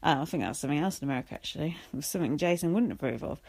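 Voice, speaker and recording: A woman's voice: low voice, lively intonation, racing, vocal fry, a little mellow, husky. A young woman vlogging a casual recap, sarcastic and sweary, full of "like" and "um". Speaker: vlogger recapping a reality show.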